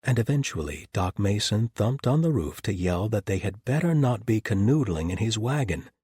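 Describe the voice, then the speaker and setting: A man reading an audiobook in measured, even scripted narration. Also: lowish voice, slightly rough, dry recording, clean studio sound.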